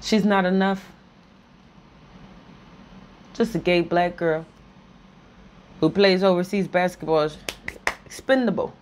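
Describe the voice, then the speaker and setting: A woman's voice: lowish voice, takes it slowly, pauses often, a little hiss or hum. A woman delivering an impassioned political rant to camera, blunt and profane, repeating slogans and breaking into nervous laughs. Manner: repeats slogans and rises to near-shouting when heated. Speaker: video commentator.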